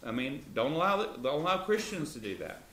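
Male co-host, casual Bible talk, jumps higher for quotes; roomy, slightly noisy recording. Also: a little fast. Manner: lively, pitch jumps up when voicing Jesus. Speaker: co-host of a Christian talk show. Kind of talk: conversational Bible teaching. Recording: echoey room.

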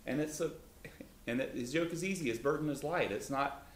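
Male co-host, casual Bible talk, jumps higher for quotes; roomy, slightly noisy recording. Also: a little fast. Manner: lively, pitch jumps up when voicing Jesus. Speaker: co-host of a Christian talk show. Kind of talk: conversational Bible teaching. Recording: echoey room.

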